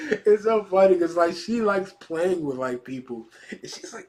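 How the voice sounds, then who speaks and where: A man talking through a manga chapter in casual reaction commentary, quick to swear and quick to laugh. He drops into a hushed voice to read the panels aloud, then jumps back up to react. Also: sits high. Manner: excitable, swears a lot, laughs often.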